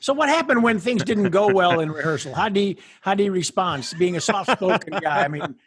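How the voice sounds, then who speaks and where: A man hosting an interview, asking quick probing follow-up questions. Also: sits high, lively intonation, crowd noise. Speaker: podcast host.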